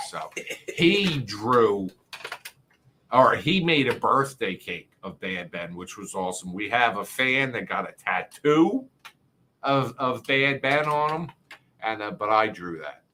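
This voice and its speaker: A man's voice: fairly low pitch, expressive, slow, sharp tone, slight background noise. A man with a South Jersey accent hosting a casual livestream, rambling, swearing and reading viewer comments aloud. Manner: rambling, profane, reads chat comments aloud.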